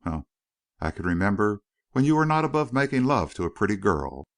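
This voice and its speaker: A man reading the part of a poised, sharp-tongued young society woman, voice lifted a little higher. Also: big pitch swings, a little fast, creaky.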